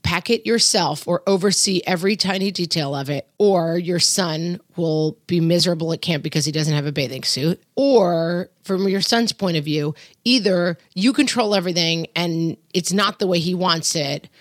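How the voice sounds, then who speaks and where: A middle-aged woman speaks firmly and emphatically in a relaxed podcast chat. Her voice sits a little low for a woman. The recording is dry and close, with no room sound. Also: normal speed, no room sound. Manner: firm, emphatic, acts out quotes in animated voices. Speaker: podcast co-host. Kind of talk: casual parenting chat.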